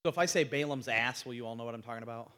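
A man casually teaching a Bible class, asking his listeners questions and retelling the story with lively quoted voices. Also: mid-range voice, very fast, big-room sound.

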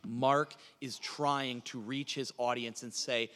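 A pastor preaching a sermon, swinging from hushed lines to loud, urgent passages. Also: male voice, mid-range voice, steady tone, takes it slowly, hardly any pauses, smooth, long reverb tail.

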